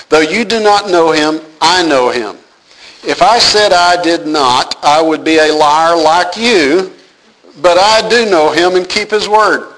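A man's voice: on the high side, a bit bright, slight background noise, poor audio. A man teaching a Bible passage, reading verses aloud and explaining them with humor and rhetorical questions.

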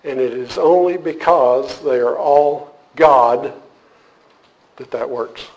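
A man with a mid-range, darkish voice leads a church class, joking casually with the live group before growing earnest to explain a point. The recording's highs are cut off, and it plays like an informal sermon.

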